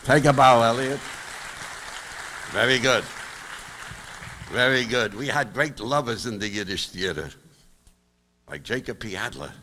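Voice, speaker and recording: Onstage in a big high school auditorium, an older Brooklyn, New York comic tells stories in punchy bursts, his pitch swinging widely. His tone is sharp and he's a little slow, pausing often. The long auditorium reverb comes with a little hiss or hum.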